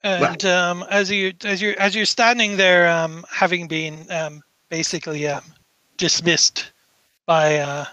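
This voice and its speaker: A man narrating as game master of a tabletop game, halting and full of fillers. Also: high voice, flat delivery, sharp tone, no echo, poor audio.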